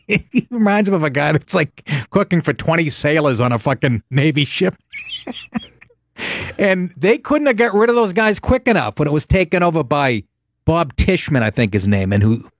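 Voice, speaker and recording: A man's voice: fairly high pitch, no echo, studio quality. A middle-aged man hosting a comedy talk show, ranting sarcastically with profanity and frequent laughs. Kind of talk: comedic radio show banter.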